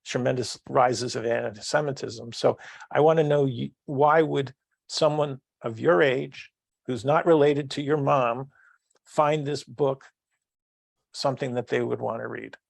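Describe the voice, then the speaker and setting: Gravelly older man hosting an interview. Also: medium pitch, dry recording. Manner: rambling, restarting questions. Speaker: podcast host. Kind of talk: casual interview.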